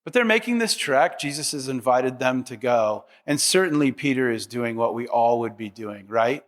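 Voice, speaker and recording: A man's voice: medium pitch, expressive, normal speed. A middle-aged man preaching a sermon as pastor, conversational and humorous, with asides to the congregation.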